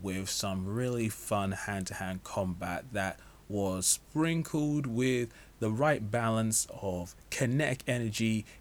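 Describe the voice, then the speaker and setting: A man giving a casual, opinionated film review, talking freely with lots of "like" and "you know" fillers. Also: on the low side. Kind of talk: casual movie review monologue.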